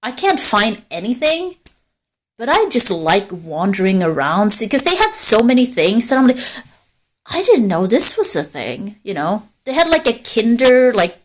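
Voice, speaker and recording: A woman livestreaming on a walk through a forest, chatting casually to viewers in a rambling, swearing way. She is cold, and her voice rises and falls in loudness as she walks. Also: fairly high pitch, very animated, moderate pace. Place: outdoors in a forest.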